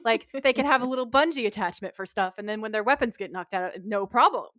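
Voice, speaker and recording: A woman co-hosting a podcast, recapping a TV episode in casual chat, lively and quick to laugh. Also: a little high, no echo, clean studio sound. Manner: lively, laughs often, acts out quoted lines. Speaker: podcast co-host.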